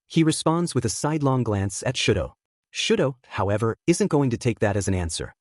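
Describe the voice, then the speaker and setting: A man's voice: mid-range voice, very animated, brisk, no room sound. Man reading fan fiction aloud, dry sound.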